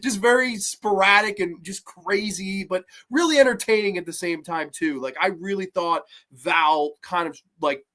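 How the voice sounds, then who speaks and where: Male host, casual film review, enthusiastic, slightly high-pitched. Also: moderate pace, few pauses, pushed and bright. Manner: enthusiastic, acts out quoted lines in a higher voice.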